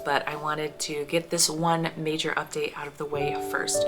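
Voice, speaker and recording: A woman in her thirties talking in a heartfelt personal vlog, soft and emotional, with a prayerful tone. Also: low-pitched. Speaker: homeschooling mom vlogger.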